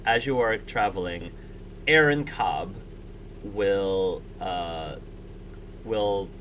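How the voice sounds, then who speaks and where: A man narrating a tabletop game as game master, pausing and restarting often as he describes the scene. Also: low voice, a bit bright, a little hiss or hum, poor audio. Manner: halting, with many restarts and fillers.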